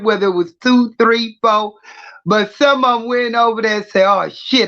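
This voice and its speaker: A brash, trash-talking woman hosts her own livestream in her middle years, laughing as she talks. Her voice sits at a middling pitch, and the audio comes through muffled and lo-fi. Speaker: livestream host. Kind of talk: casual livestream talk.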